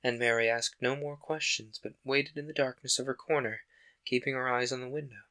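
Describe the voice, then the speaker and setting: Bright-voiced man reading a story aloud. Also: medium pitch, fairly even intonation, fairly quick. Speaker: podcast host reading a book aloud. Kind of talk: audiobook-style narration.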